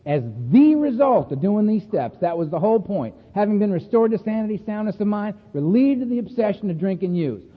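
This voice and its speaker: Man, high voice, animated storyteller, frequent laughs, tinny phone-like sound, long hall echo. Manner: animated, chatty, laughs often, tags lines with "man" and "right?". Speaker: speaker sharing at a recovery meeting. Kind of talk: storytelling talk. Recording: echoey hall over a tinny phone-like line.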